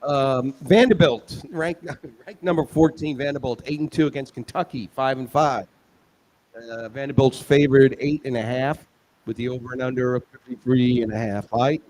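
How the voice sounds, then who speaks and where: Reading picks as co-host of a relaxed college football betting show, this man chuckles easily and occasionally loses track of where he is. He speaks in a mid-range, slightly mellow voice at an ordinary pace.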